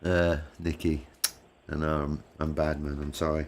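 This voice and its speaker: A man's voice: a bass voice, flat delivery, normal speed, a little hiss or hum. An English man hosting a livestream, chatting casually with viewers, laughing often and swearing freely. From England. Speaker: livestream host. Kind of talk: casual chat with live viewers. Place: living in the United States.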